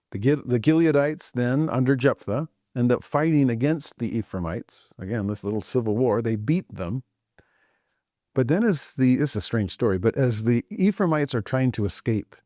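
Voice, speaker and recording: Brief: male scripture teacher, casual and conversational, mid pitch, dry close-mic sound. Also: a little mellow, no room sound. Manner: conversational, thinks aloud with restarts.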